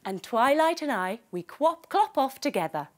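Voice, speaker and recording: Playful, high-voiced woman leading kids' yoga. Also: moderate pace. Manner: playful, animated, gives gentle instructions. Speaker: kids yoga teacher. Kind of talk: storytelling yoga class for children.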